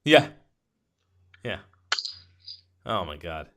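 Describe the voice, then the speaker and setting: A man co-hosting a podcast in casual movie chat, excitable and often trailing off. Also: low-pitched, extremely slow, background noise. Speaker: podcast co-host.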